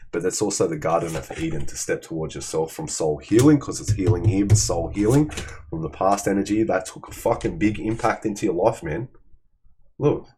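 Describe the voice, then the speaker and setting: Low deep aussie guy doing a tarot reading, cursing casually, calling you man. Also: darkish tone, a little hiss or hum. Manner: blunt, swears freely, calls listener "man". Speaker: tarot reader.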